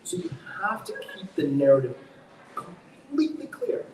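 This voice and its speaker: A man's voice: sits high, huge pitch swings, moderate pace, darkish tone. Middle-aged male theater director, guest on a live talk show; reflective, punchy on stressed words; distant mic, echoey hall. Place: underground market stage. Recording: echoey public space, distant mic, faint noise.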